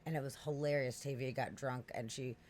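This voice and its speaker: Animated East Coast podcast host. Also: male voice, mid-range voice, a little fast, a little hiss or hum. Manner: animated, laughing, profane and rambling. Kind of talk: casual podcast chat.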